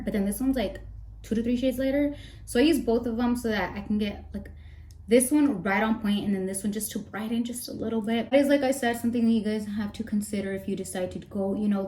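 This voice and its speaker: This young makeup vlogger speaks fairly quickly in a fairly high, darkish voice. She chats casually as she gets ready, a bit out of breath and rambling with playful asides.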